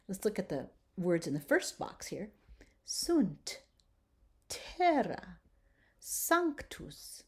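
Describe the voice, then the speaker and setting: A woman teaching choir singers how to pronounce Latin consonants, patiently modelling each word slowly for them to repeat. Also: mid-range voice, mellow. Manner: clear, patient, models words slowly for repetition. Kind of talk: instructional lesson with sung and spoken examples.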